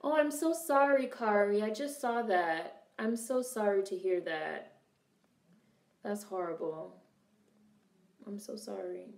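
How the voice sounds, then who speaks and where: A woman's voice: mid-range voice, slow, gravelly, long pauses, a little mellow, reverberant. A young woman casually commenting on a film during a live stream, swearing freely and answering her chat. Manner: chatty, swearing, reads and answers viewer chat.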